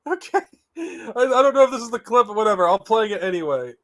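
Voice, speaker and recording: A man's voice: high-pitched, lively intonation, quick pace. A man streaming casually, profane and incredulous as he reacts to a clip. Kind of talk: casual live stream chat.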